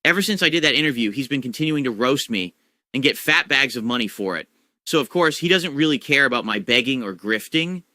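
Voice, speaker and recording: A man's voice: medium pitch, expressive, fairly quick, pushed and bright, dry recording, clean studio sound. A man in a mocking, exaggerated rant, whiny and sarcastic.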